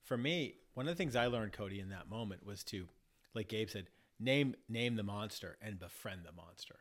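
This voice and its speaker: A man's voice: lowish voice, lively intonation, moderate pace. A man talking in a casual podcast conversation, reflective, often restarting and repeating words as he works through ideas. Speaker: podcast guest.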